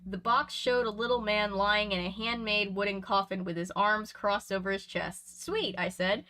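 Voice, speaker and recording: Bright-voiced woman reading aloud. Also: mid-range voice, moderate pace. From Canada. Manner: lively expressive reading, chatty asides between passages. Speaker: reader and streamer. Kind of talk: reading a children's book aloud. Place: home room with bookshelves.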